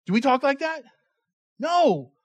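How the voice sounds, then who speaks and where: A man's voice: extremely high pitch, big pitch swings, unhurried. A male pastor giving a conversational, humorous sermon, often repeating words as he restarts.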